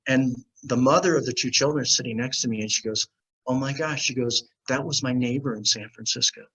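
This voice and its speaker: With a brisk, husky, mid-range voice, a US man guesting on an interview show relates an anecdote in a lively manner, imitating the people he quotes. The recording is rough.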